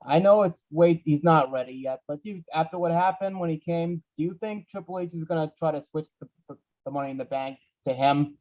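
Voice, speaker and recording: A man's voice: on the high side, a little fast. A man on a casual podcast panel, speaking emphatically and putting questions to the others. His sound is dull and lo-fi.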